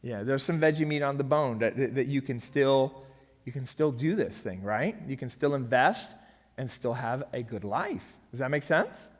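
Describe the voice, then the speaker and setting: A man's voice: medium pitch, expressive, moderate pace. Middle-aged guy teaching a money seminar at church, emphatic, keeps asking if it makes sense, big echoey hall. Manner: emphatic, checks in with the audience often. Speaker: finance seminar speaker. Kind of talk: church finance seminar talk. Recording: long reverb of a church hall.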